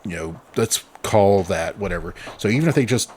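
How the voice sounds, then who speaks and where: A man's voice: fairly low pitch, animated, normal speed, a little mellow, a little hiss or hum. A man, co-hosting a podcast in a casual chat, rambling through explanations with the odd swear word. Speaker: podcast co-host.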